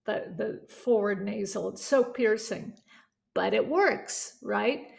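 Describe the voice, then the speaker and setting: A woman teaching a vocal yoga certification class, chatty and animated, breaking off to demonstrate voices and resonance. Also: medium pitch, slow, gravelly.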